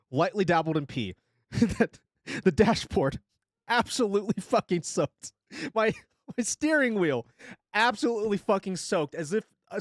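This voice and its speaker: A young male streamer tells a comic story into a close mic. His pitch leaps up and down with dramatic emphasis, and he swears freely. The sound is dry and close. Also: no echo.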